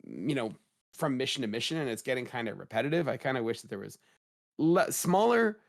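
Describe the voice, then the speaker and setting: A man in his thirties hosting a gaming podcast in a casual, jokey way, his voice a little rough from a cold. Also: mid-range voice, fairly quick. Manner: animated, jokey, rising emphasis. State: slightly rough voice after a cold. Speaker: podcast host.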